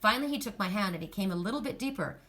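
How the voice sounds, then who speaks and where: A woman's voice: mid-range voice, lively intonation, very fast, sharp tone. An older woman giving a casual, rambling oracle card reading, with frequent restarts and laughter.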